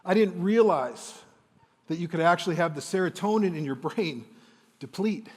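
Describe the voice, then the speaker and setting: A man in his fifties, telling a personal story on stage as a motivational speaker, dramatic and emotional with slow, weighty pauses. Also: sits high, expressive, big-room sound. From Windsor, Ontario, Canada.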